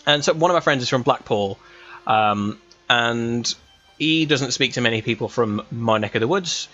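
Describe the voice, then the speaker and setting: A man's voice: mid-range voice, moderate pace, pushed and bright, lo-fi sound, faint music behind. A young man from England with a West Midlands accent, chatting casually while playing a game, rambling with lots of fillers and restarts. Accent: West Midlands English. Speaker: gaming streamer. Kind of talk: casual gameplay chat.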